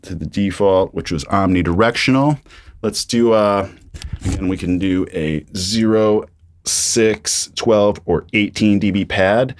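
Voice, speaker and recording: Speaking unhurriedly in a lowish voice, a man runs a relaxed mic review for his YouTube channel from his home studio. He keeps repeating test lines into a studio condenser microphone while checking levels.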